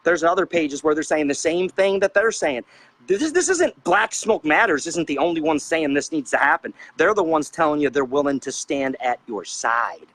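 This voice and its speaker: Man, middle-aged, impassioned preachy rant, rhetorical questions, slightly high voice. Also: animated, moderate pace, fairly bright tone, rough recording. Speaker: trucker advocate on a panel show.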